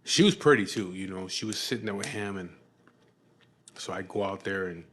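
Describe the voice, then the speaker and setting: A man's voice: low-pitched, normal speed, fairly bright tone. A man with a Chicano English accent telling a rambling, profane story from his past in casual speech, full of fillers and restarts.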